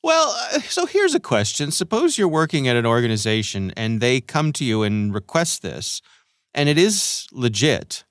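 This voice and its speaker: A man's voice: mid-range voice, big pitch swings, normal speed, a bit bright, dry recording, clean studio sound. A man hosting a podcast, asking questions and laughing along in casual chat. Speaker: podcast host.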